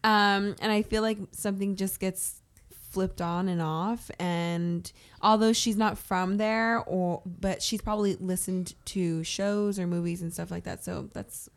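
A woman's voice: mid-range voice, fairly even intonation, measured pace. A woman co-hosting a morning radio show, teasing and reflective in casual banter. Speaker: radio co-host.

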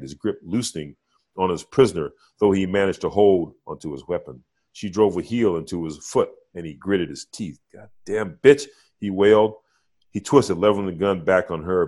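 Author reading his own chapter, deep voice, measured and vivid delivery. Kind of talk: dramatic fiction reading.

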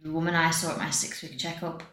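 Woman podcast host, lowish voice, reflective and agreeable, echoey room. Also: little pitch movement, fast, fairly bright tone. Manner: reflective, agreeing, shares her own experience. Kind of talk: casual chat. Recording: roomy echo.

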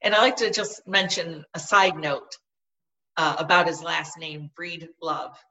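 A middle-aged woman recounts a personal experience in an earnest, halting way, circling back and restarting her phrases. Her tone is bright and sharp. She sits a little away from the microphone. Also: low voice, fairly even intonation, distant mic, poor audio. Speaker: guest. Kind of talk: personal storytelling in conversation.

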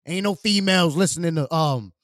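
A man hosting a casual livestream, talking in animated slang while eating. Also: fairly high pitch, brisk, no echo, clean studio sound. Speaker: livestream host.

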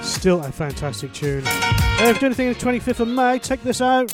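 Jovial radio host, high voice. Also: male voice, sing-song, a little fast. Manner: jovial, says 'indeed' a lot, banters. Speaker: radio presenter. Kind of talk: casual radio chat. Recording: music playing underneath.

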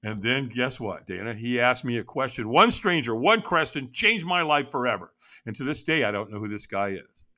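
Animated storytelling man, bright voice. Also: medium pitch, moderate pace. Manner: animated, dramatic retelling. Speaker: guest. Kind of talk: personal storytelling in an interview.

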